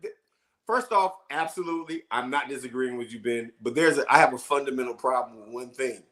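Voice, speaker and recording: A man co-hosting a casual podcast chat, arguing in an animated way and asking rhetorical questions. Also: mid-range voice, brisk. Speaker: podcast co-host. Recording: roomy echo.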